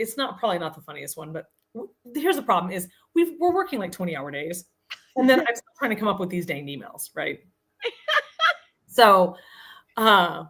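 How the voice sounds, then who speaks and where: A woman guest on a podcast, telling a comic story in animated, casual chat. Her voice is mid-pitched, and she moves it around a great deal as she talks. She laughs often and tosses in quick asides.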